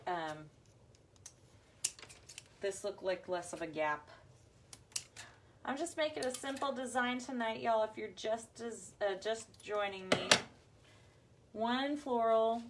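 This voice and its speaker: A woman's voice: fairly high pitch, slight background noise. A woman hosting a live craft demo from home, chatting to viewers as she works. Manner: chatty, talks to viewers as y'all. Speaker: craft livestream host.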